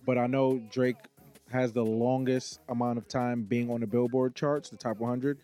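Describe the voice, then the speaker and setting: A man's voice: medium pitch, level tone, moderate pace, mellow, soft background music. A man in casual chat, blunt and teasing, arguing back hard.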